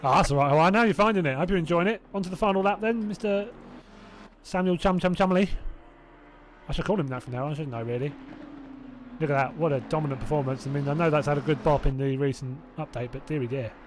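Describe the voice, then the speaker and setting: Fairly high-pitched and quick, with a faint hiss or hum behind him, a Hertfordshire man calls a sim race live in a southern English accent. Between calls he rambles and chats with viewers, second-guesses himself, and laughs to himself.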